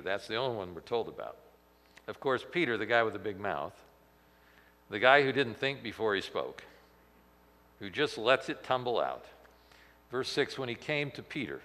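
A man teaching through a Bible passage as a pastor, animated and acting out the quotes with sudden loud emphasis. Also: on the low side. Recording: long hall reverb.

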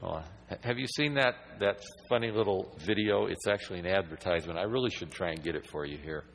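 A man's voice: low-pitched, fast, gravelly, long reverb tail, slight background noise, poor audio. A man preaching a sermon in a conversational, rambling way that builds to emphatic points.

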